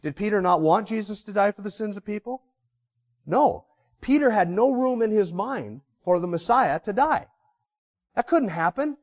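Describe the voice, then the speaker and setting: A man with a high, expressive voice preaches a passionate sermon at a moderate pace. He asks his listeners questions and acts out the voices of those he quotes. The recording is lo-fi and slightly dull.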